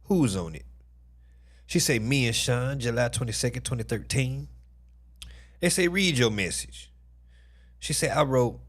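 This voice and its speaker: A man hosting a casual livestream commentary, animated and profane, full of exclamations. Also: mid-range voice, unhurried, long pauses.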